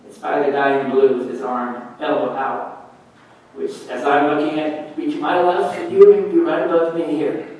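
A male pastor preaching a sermon, slow and emphatic, often dropping to a hush. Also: on the high side, level tone. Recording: very echoey room, heard from a distance.

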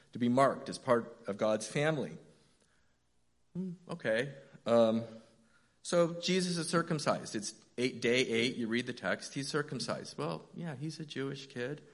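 A man's voice: medium pitch, breathy edge. A man in his fifties, a church elder, preaching a conversational, story-driven sermon with self-deprecating asides.

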